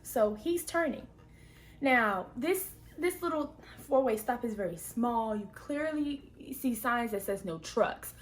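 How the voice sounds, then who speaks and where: Animated young woman telling a story. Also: on the high side, unhurried. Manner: animated, dramatic, exclamatory retelling. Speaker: vlogger. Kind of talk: storytime narration to camera.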